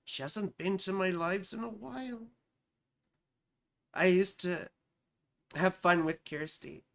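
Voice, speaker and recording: A woman's voice: lowish voice, slow pace, vocal fry. A woman astrologer hosting a live stream, chatting casually, reading out viewer comments, swearing freely and joking at her own expense. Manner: joking, profane, teasing.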